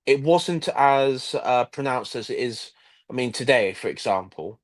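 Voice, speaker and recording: A man's voice: mid-range voice, expressive, measured pace. A man co-hosting a live history stream, talking casually and hesitantly with many restarts.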